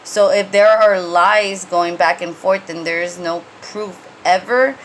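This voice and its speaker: A woman's voice: lowish voice, little pitch movement, unhurried, a little hiss or hum, low-quality recording. A woman giving a casual tarot reading, rambling and conversational with many fillers and restarts, and blunt when she gets heated. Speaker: tarot reader.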